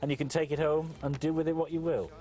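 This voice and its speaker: A man's voice: on the high side, flat delivery, fast, warm tone. A man presenting a sports show, jovial and teasing in studio banter with his co-host.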